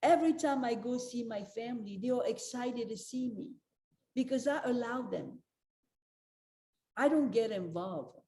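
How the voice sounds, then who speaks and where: A woman's voice: a little high, expressive, moderate pace, dark tone. An older woman giving a motivational talk as a spiritual life coach, earnest and direct, repeating her key advice to the listeners. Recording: roomy echo.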